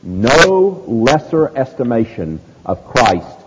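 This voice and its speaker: A male pastor delivering an expository sermon, speaking in an emphatic, deliberate preaching manner. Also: medium pitch, sing-song. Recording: long hall reverb, loud hiss.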